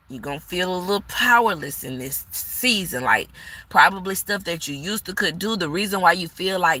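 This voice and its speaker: On a live-stream tarot reading, a woman with a lowish, pushed, bright voice is sassy and blunt. She curses freely and scolds the viewer like an auntie.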